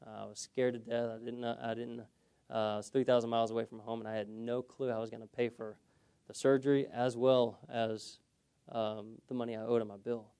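A man's voice: mid-range voice, little pitch movement, brisk, dark tone, clear, resonant tone. A young man telling his personal story as a sermon to a congregation, conversational and often checking in with "okay?". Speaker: preacher. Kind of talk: sermon testimony.

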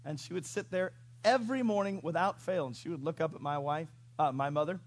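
A male pastor preaching a sermon in an animated storytelling way, chuckling and asking the congregation questions. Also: a little high, fairly quick.

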